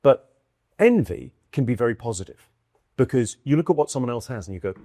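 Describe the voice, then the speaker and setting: A British man in his own voice, chatting animatedly as an interview guest, with a mid-range pitch. He acts out quoted lines in quick bursts. The sound is close and dry. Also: no echo. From United Kingdom. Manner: quick, lively storytelling with acted-out quotes and bursts of laughter. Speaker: guest comedian. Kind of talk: animated conversational storytelling.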